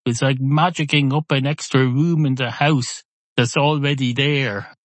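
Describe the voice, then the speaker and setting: A man's voice: medium pitch, steady tone, a little slow, no echo. A middle-aged man, hosting a podcast in a rambling, wry, self-interrupting comic monologue. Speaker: podcast host.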